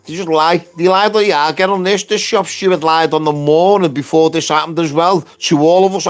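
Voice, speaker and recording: A man rants on a live stream about work and the people above him, swearing constantly. His delivery is blunt and combative, and his voice is somewhat higher than most men's. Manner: ranting, heavy swearing, blunt. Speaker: construction worker and union activist. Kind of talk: angry live-stream rant.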